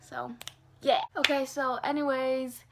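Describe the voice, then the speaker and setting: Chatty high-voiced young woman telling a story. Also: measured pace, vocal fry, background noise. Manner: animated, lots of fillers, acts out dialogue. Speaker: vlogger. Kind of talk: casual storytime.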